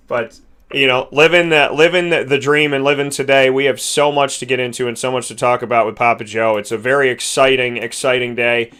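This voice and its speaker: A man's voice: medium pitch, normal speed, fairly bright tone. A man hosting a podcast, talking earnestly and at length with many restarts. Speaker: host. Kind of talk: heartfelt podcast chat.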